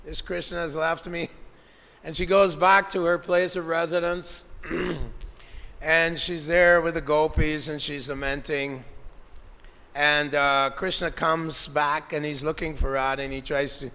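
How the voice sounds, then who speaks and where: A man's voice: fairly high pitch, flat delivery, a little slow, bright, forceful tone, smooth. A man giving a devotional lecture, narrating scripture stories with quoted dialogue and Sanskrit terms, in a temple hall. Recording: long hall reverb.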